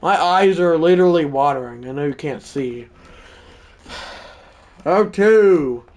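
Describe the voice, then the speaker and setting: A man livestreaming a baseball video game, commentating his own play and bursting into shouted home-run calls. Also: fairly high pitch, lively intonation, unhurried. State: out of breath. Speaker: gaming livestreamer. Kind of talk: live gameplay commentary.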